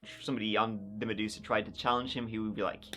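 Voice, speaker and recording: A man's voice: on the low side, level tone, very fast, bright, forceful tone, faint music behind. A man narrating history in a casual, conversational storytelling style with wry, sardonic asides.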